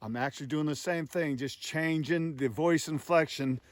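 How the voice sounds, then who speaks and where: A man's voice: a little high, moderate pace, no room sound. A man with a slightly raised voice gives a step-by-step goose calling lesson. He sounds out honks and clucks to show the technique. The sound is dry and close. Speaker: goose call instructor. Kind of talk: instructional demonstration.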